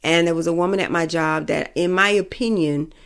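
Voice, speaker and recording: A woman's voice: fairly low pitch, steady tone, fairly quick, clear, resonant tone. A woman hosting a podcast, giving her opinions in a blunt, vulgar, emphatic way with speech. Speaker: podcast host. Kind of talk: casual opinion monologue.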